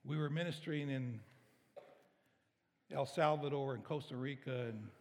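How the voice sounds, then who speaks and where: A middle-aged male pastor with a mid-range voice preaches at normal speed in a church sanctuary, telling stories in a conversational way that grows emotional. The church hall is reverberant.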